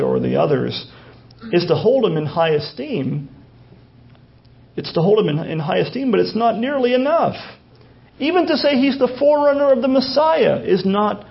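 Male pastor, high gravelly voice, chatty sermon full of asides, dull lo-fi recording. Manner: folksy asides and frequent restarts. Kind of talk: conversational sermon.

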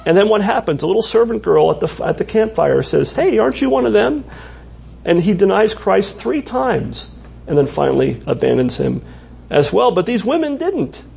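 A man's voice: sits high, big pitch swings, moderate pace, gravelly, darkish tone, husky. A male pastor preaching a sermon in church, talking conversationally with asides and frequent restarts.

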